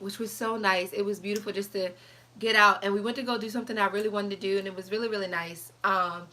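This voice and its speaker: Young woman vlogger, casual chat to camera, bright tone, lively storyteller. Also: mid-range voice. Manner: animated storytelling, chatty, reads live comments.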